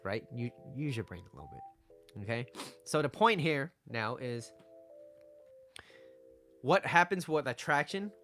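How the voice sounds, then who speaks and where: Brief: male dating-advice host, mid-pitched, blunt and emphatic, faint music underneath. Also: a bit bright. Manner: blunt, emphatic, tags lines with "right?" and "okay?". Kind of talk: direct-to-camera advice monologue.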